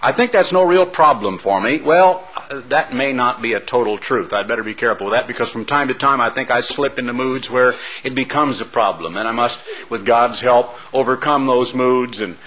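A man's voice: mid-range voice, normal speed, few pauses, fairly bright tone, low-quality recording. A man preaching a sermon who tells Bible stories dramatically and stresses his points hard. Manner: dramatic storytelling, emphatic.

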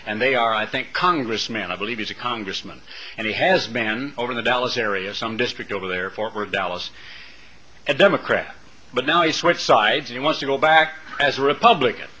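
Man, talk show host, rambling opinionated monologue, bright forceful tone. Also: mid-range voice, slight background noise, poor audio. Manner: digressive, opinionated, many fillers and pauses.

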